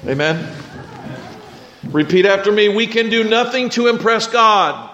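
A man preaching a lively storytelling sermon and calling on his congregation to answer back. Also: high-pitched, unhurried, dull audio, a crowd in the background. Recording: echoey room with faint noise.

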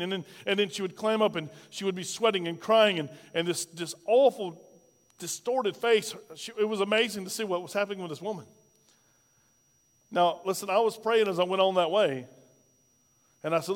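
A man's voice: high-pitched, a little fast, big-room sound. A male pastor preaching a sermon, asking the congregation rhetorical questions and telling a personal story.

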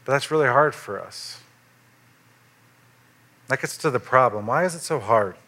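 A man, a pastor, preaching a sermon in a conversational way and rising in pitch when he stresses a point. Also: normal speed. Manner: conversational preaching, animated rises for emphasis.

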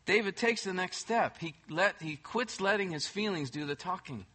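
A man preaching a sermon as pastor, emphatic, swinging between loud bursts and soft, hushed moments. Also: sits high, lively intonation, moderate pace, slightly rough.

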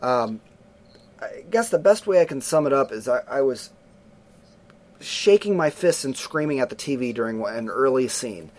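Animated middle-aged man reviewing a film. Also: medium pitch, moderate pace. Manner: animated storyteller, acts out scenes in voices. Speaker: podcast co-host reviewing a film. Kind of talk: casual chat.

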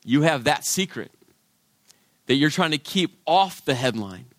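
A middle-aged male pastor preaching a sermon, his delivery swinging from loud, emphatic lines to hushed, quiet ones. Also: fairly high pitch, expressive, a little slow, dry recording, clean studio sound.

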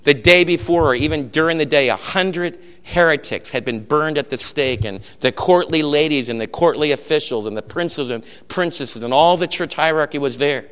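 A man's voice: a little high, moderate pace, few pauses, smooth. Earnest male pastor preaching in a hall. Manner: earnest storytelling, many soft drops. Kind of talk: sermon. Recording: long hall reverb.

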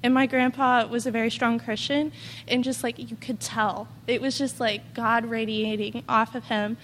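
A woman's voice: fairly high pitch, flat delivery, normal speed, fairly bright tone, long reverb tail, a little hiss or hum. A woman giving an earnest, rambling personal testimony, full of "like" and quoted asides. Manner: earnest, rambling, heavy use of "like". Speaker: testimony speaker.

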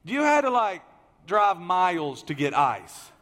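A man preaching a sermon, telling the story in a lively way that swings from loud emphasis to hushed asides. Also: high-pitched, unhurried.

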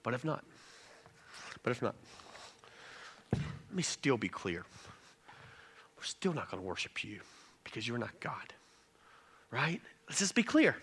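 A pastor in his thirties preaching a sermon and telling a family story, moving from quiet, low asides to loud, animated stretches. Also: unhurried, pauses often, husky.

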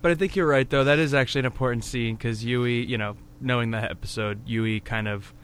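A man's voice: fairly even intonation, a little fast, a bit bright, a little hiss or hum. A man in a casual podcast chat, animatedly recounting scenes and acting out characters' lines. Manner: acts out characters' lines with jumps in pitch. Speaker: podcast co-host. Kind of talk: casual chat about an anime.

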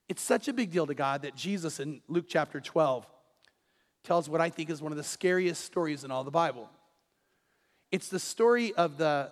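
Animated pastor in a reverberant church hall. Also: male voice, high-pitched. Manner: animated storytelling, dropping to a hush for quoted lines. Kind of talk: sermon.

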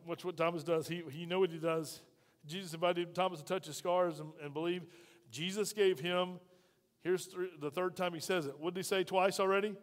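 A pastor preaching a sermon, emphatic and firing rhetorical questions at the congregation. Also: male voice, sits high, steady tone, quick pace. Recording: long reverb of a large hall.

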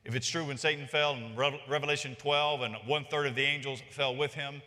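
A man's voice: mid-range voice, steady tone, brisk, pushed and bright. A man preaching an expository sermon, talking emphatically and rising on his key points. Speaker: pastor. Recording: long reverb of a large hall.

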